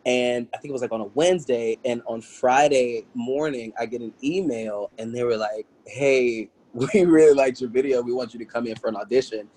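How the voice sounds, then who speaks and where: A man speaking as a podcast guest, telling casual stories with lively energy and acting out other people's voices. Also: mid-range voice, normal speed, hardly any pauses, low-quality recording. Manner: animated, acts out quoted voices, laughs often. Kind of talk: casual storytelling interview.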